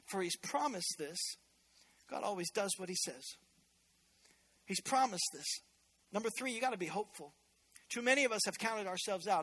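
Preaching from the pulpit, this high-voiced pastor talks fast, keeping his sermon lively and conversational with jokes slipped in along the way.

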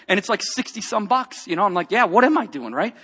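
A man preaching a personal testimony, telling a story with lively acted-out quotes and dropping to a hush for tender moments. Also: high-pitched, quick pace, slightly rough. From grew up in a rough biker family.

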